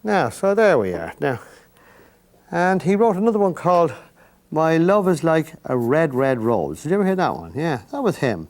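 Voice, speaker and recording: A man's voice: a little high, very animated, moderate pace, darkish tone. An older Irish man hosting a painting lesson, chatting to the viewer in rambling, folksy asides while he works. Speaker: painting instructor and host.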